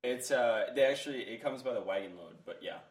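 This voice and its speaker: Sarcastic male co-host, mid-pitched, roomy and slightly distant from the mic. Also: brisk. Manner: dry, sarcastic. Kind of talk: casual chat. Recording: roomy sound, a bit off-mic.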